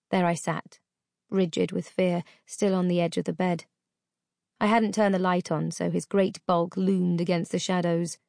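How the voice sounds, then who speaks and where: A woman narrating a first-person memoir audiobook in a measured, steady reading. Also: on the low side, creaky, no room sound, clean studio sound.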